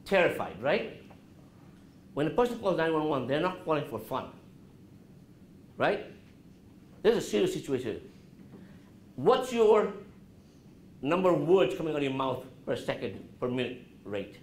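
A man giving an interactive talk to a college class, asking the students questions and dropping his voice low to show calm. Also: measured pace, pauses often. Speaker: guest speaker at a college business class. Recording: roomy classroom with faint noise.

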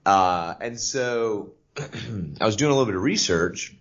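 A man with a deep, low-pitched voice talks through a podcast topic, stopping and restarting often with plenty of fillers. The audio is muffled and lo-fi. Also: lively intonation. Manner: halting, many fillers and restarts. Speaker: podcast co-host. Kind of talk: casual podcast chat.

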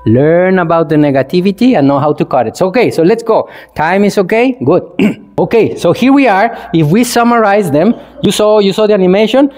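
High-voiced monk giving a playful talk. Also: male voice, lively intonation, moderate pace, darkish tone. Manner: playful, chuckles often and asks the audience questions; non-native English phrasing. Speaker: Buddhist monk teaching. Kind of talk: dharma talk to a congregation.

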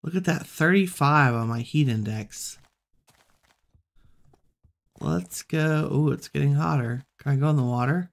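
A woman hosting a relaxed let's-play, musing aloud and chatting to the animals she meets in the game. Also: deep voice, unhurried, long pauses. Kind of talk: relaxed gameplay commentary.

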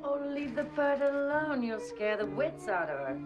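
A woman's voice: high-pitched, very animated, normal speed, dull audio, over music. An actress playing an older woman who fusses over her partner in a scolding but affectionate way. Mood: fussing.

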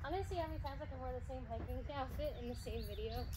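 A young woman vlogging outdoors on a wooded trail, chatty and excitable, with sudden loud exclamations. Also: high voice, racing, background noise. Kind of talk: casual hiking vlog.

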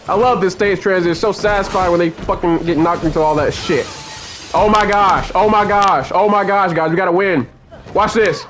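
A young man commentating his own fighting-game run, cursing and swinging between low muttering and loud outbursts at the game. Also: a little fast, a little hiss or hum. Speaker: gaming streamer. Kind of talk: live gameplay commentary.

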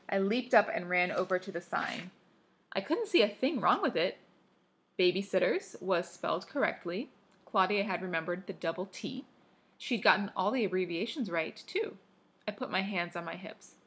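A woman reading a children's novel aloud in a lively way, now and then stopping to remark on the text. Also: fairly low pitch, normal speed. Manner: lively, breaking off to comment on the text. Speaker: reader.

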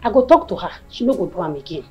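A woman's voice: medium pitch, very animated, rapid-fire, lo-fi sound, faint music behind, close to an everyday voice. A woman playing a soothing Nigerian friend. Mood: pleading. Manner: soothing, pleading, mixes Pidgin. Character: calming loyal female friend, pleading. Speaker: actress. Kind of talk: film acting.

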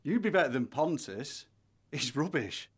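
Guy playing a dim, pompous wannabe actor, lively voice. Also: mid-range voice, measured pace, husky. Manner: earnest and self-important. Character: vain, dim aspiring actor grandson.

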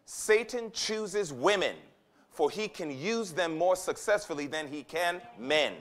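A man preaching in a high, lively voice whose pitch leaps and falls. He is emphatic, repeats his key lines, and slips into quoted voices as he goes. Delivered as a sermon to a conference audience. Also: unhurried. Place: conference hall.

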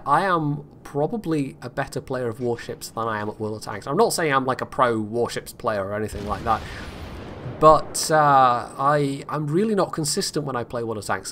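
A man's voice: mid-range voice, fairly bright tone, a little hiss or hum. A man giving casual, self-critical commentary over his own game replay, rambling with frequent restarts. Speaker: gameplay commentator.

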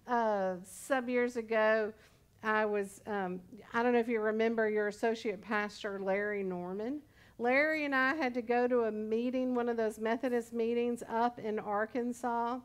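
A woman's voice: on the high side, measured pace, clean tone. A woman pastor in her sixties preaching a sermon in a conversational, storytelling way with humorous asides. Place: church service.

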